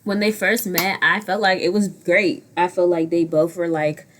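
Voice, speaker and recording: Blunt, animated woman in her twenties. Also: lowish voice, normal speed, slight background noise. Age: 20s. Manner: blunt, profane and animated, swinging loud and soft. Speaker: vlogger. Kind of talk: casual reality show commentary. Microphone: own handheld mic.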